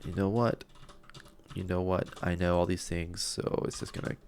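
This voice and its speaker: A man codes a game on a live stream, thinking aloud and muttering to himself, sometimes sinking to a whisper in a loopy, self-deprecating way. His deep voice is a little mellow, delivered flatly at a moderate pace, with slight background noise.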